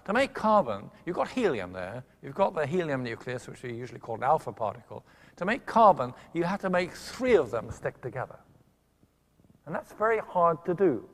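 Older man lecturing, very lively pitch. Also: brisk. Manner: storytelling, lively emphasis, self-interrupting asides. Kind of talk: public lecture. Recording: long hall reverb.

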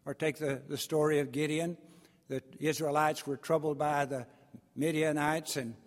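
A man's voice: on the high side, flat delivery, moderate pace, in a large hall. A man preaching a sermon, telling stories in a folksy way and acting out the voices of the people in them.

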